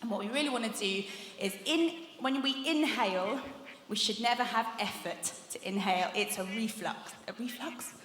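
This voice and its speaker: A young woman coaching singers at a workshop talks at a moderate pace in a voice that is on the high side and a bit bright. She's chatty and supportive, laughing frequently as she demonstrates exercises during this live masterclass. The recording has slight background noise and the long reverb of a large, echoey conference hall.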